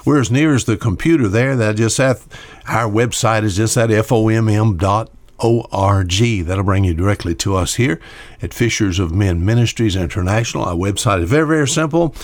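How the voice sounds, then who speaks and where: An older man preaching a radio sermon as host, in a folksy, conversational way, often repeating words and pausing on fillers. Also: lowish voice, no echo.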